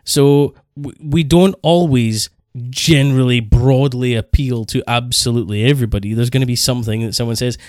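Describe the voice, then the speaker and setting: A man co-hosting a chatty podcast, rambling through his stories with quick self-corrections. His voice sits at a middling pitch, and the room is dry and close. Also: a little mellow, no room sound. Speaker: podcast co-host. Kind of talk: casual podcast chat.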